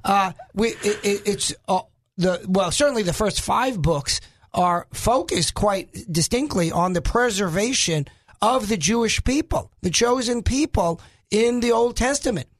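Man, from New York, high voice, fill-in talk radio host, studio chat, wry asides. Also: expressive, a little slow. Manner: joking, self-mocking, rambling asides.

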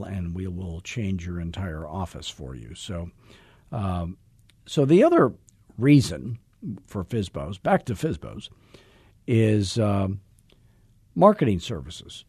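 A middle-aged man coaching real estate agents in a salesy, joking, energetic way. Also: fairly low pitch, breathy edge, no echo, studio quality. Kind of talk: coaching podcast talk.

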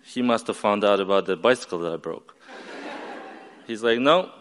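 A man's voice: on the low side, moderate pace, smooth, in a large hall. A man from West Ukraine with a Ukrainian accent, telling a personal story on stage to an audience and acting out the dialogue.

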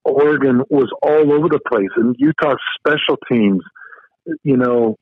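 Husky man on a tinny line. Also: medium pitch, no room sound. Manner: emphatic, frequent restarts. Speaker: co-host. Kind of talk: sports radio talk.

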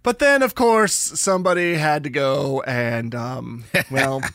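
A man's voice: mid-range voice, takes it slowly, a bit bright, no room sound, studio quality. A man co-hosting a podcast in casual chat, rambling and giggling, often trailing off mid-thought. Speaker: podcast co-host.

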